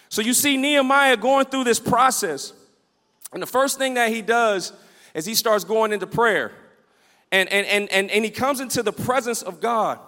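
High, bright-voiced preacher in an echoey church. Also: male voice. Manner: animated, repetitive preaching with call-and-response; storytelling, acts out the scenes he describes. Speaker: pastor. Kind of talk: sermon. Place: church sanctuary with a livestream.

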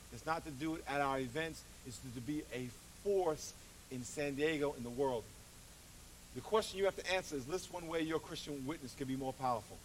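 A middle-aged man preaching a sermon as pastor, animated, with congregation call-outs. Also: on the high side. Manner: animated, acts out voices, calls for congregation responses. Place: church hall. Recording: distant mic with faint hiss.

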